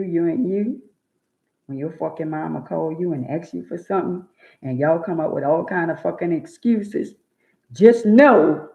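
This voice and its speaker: A woman hosting a live stream, bluntly and profanely lecturing her viewers and repeating words for emphasis. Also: low voice. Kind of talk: preachy live-stream rant. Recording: echoey room, dull lo-fi sound.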